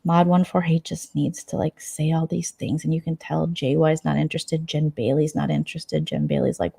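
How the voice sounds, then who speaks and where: A woman's voice: low-pitched, fairly even intonation, fairly quick, gravelly, hardly any pauses, mellow, breathy edge. A woman vlogger in a late-night casual chat, gossiping sarcastically about internet drama and sometimes dropping to a whisper. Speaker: vlogger host. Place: at home at night.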